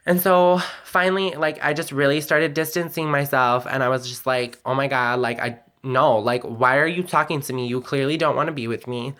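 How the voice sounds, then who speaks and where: A man's voice: mid-range voice, steady tone, normal speed, few pauses, bright, forceful tone. A man telling a personal story in a confessional vlog, candid and emotional, rambling with many "like"s and the odd swear word. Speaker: vlogger.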